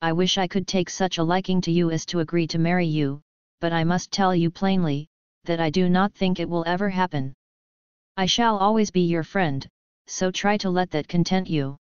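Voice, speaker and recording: A woman's voice: on the low side, fairly even intonation, moderate pace, clean tone, no echo, highs cut off, natural voice. A woman voicing a kind, honest young woman in a storybook reading, speaking earnestly and firmly. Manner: earnest, firm.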